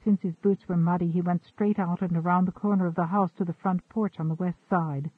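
Male storyteller, steady measured narration, high voice, dry and phone-thin. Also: breathy edge, no room sound, phone-quality sound.

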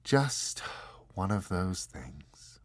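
A man's voice: on the low side, big pitch swings, no echo. A man voicing a serene, sinister angel. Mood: serene, regretful. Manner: gentle and measured, slipping into unhinged fury. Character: serene, sinister fallen angel, genderless, coldly self-righteous.

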